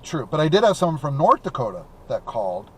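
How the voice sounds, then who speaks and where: A man's voice: on the high side, very animated, fast, fairly bright tone, slight background noise. Rambling young man hosting from his car. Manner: rambling, repeats words, many fillers. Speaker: call-in show host. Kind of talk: casual chat. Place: driving around in a car.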